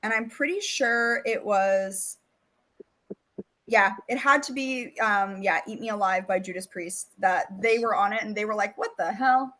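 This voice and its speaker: A woman's voice: medium pitch, measured pace, sharp tone. A woman co-hosting a metal music podcast, chatting casually and enthusiastically, full of "like" and "um". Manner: chatty, enthusiastic, lots of "like" and "um" fillers. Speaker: podcast co-host. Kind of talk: casual chat.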